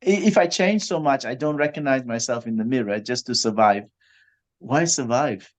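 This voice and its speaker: An older man, a martial arts master who is a guest in an interview, speaking in a reflective, measured way about firm principles. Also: mid-range voice. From Australia. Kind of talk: interview conversation.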